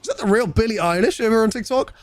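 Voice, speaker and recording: A man's voice: high voice, fast, dry recording, soft background music. A young British man streaming live, chatting casually, greeting viewers by name and swearing freely. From United Kingdom.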